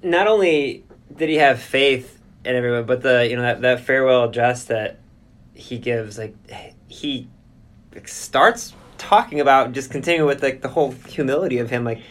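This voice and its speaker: A man hosting a podcast, asking loose, rambling questions in a relaxed, casual way. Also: mid-range voice, moderate pace. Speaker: podcast host. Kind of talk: casual interview chat.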